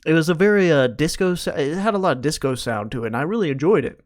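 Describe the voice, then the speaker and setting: A man's voice: fairly high pitch, animated, fast talker, dry recording, studio quality. A man co-hosting a podcast in casual chat, joking and rambling with lots of stammered restarts. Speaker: podcast co-host.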